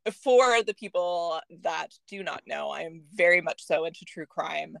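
Chatty gravelly-voiced woman podcast host. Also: fairly low pitch, normal speed, a bit bright, no room sound. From Canada. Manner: chatty, laughs often, many fillers. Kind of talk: casual chat.

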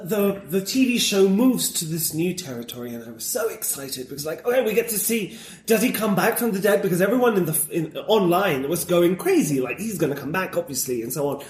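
A man's voice: high voice, darkish tone, roomy sound. A man talking as a guest in a casual conversation, enthusiastic and opinionated, wandering off on tangents.

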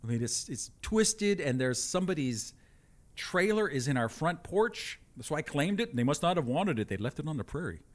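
A man telling a comic personal story, animated with deadpan asides. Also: a little high, normal speed.

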